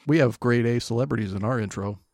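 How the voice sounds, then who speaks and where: A man's voice: mid-range voice, fast talker, creaky, a little mellow, dry recording. A young adult man co-hosting a podcast in casual chat, with dry, teasing humor. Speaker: podcast co-host.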